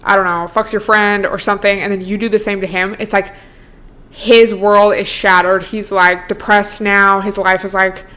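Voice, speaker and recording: A woman's voice: medium pitch, little pitch movement, normal speed, sharp tone. A young woman in her twenties hosting a solo podcast, talking casually with lots of "like", swearing freely and laughing often. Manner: chatty, profane, full of "like", laughs often. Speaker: podcast host.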